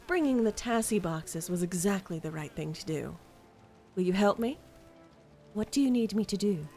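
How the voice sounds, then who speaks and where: A woman's voice: mid-range voice, a little mellow. A woman streamer chatting casually and reading game dialogue aloud with a giggly, playful manner.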